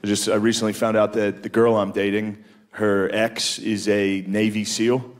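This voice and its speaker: A man doing a stand-up comedy set, profane and self-mocking, jumping into high voices when he quotes people. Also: flat delivery, moderate pace, a little hiss or hum. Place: comedy club stage with a live audience. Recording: roomy club with loud crowd laughter.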